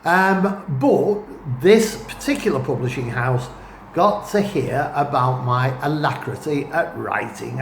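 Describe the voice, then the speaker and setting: Slow, rambling man in an echoey room. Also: a little high, creaky, a little hiss or hum. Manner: rambling, self-mocking, chuckling asides. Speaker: writer and vlogger. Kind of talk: casual storytelling monologue.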